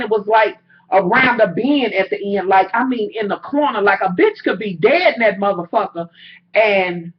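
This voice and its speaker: A woman telling a story to camera in casual vlog chat, loud and animated, with a lot of cursing and slang. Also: mid-range voice. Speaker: vlogger. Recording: slightly dull lo-fi home recording.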